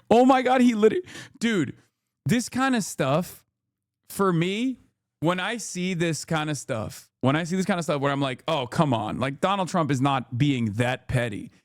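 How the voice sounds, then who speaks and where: Animated, incredulous male streamer. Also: on the high side, no room sound, studio quality. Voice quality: animated and incredulous, with rapid asides. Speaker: streamer and host. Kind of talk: casual live-stream commentary.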